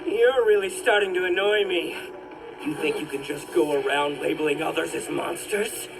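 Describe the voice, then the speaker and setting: A man's voice: on the high side, moderate pace, noisy background, natural voice. An actor voicing a cruel, sneering young male esper in an English anime dub, mocking and taunting with bursts of manic laughter. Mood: contemptuous. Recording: anime audio with music behind.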